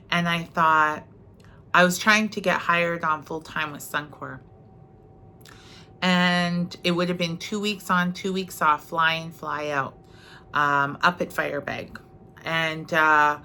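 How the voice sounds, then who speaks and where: Brief: middle-aged woman, motivational speaker, unhurried, bright tone, earnest and chatty. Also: fairly low pitch, slight background noise. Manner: earnest, conversational, often asks "right?". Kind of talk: reflective spiritual talk.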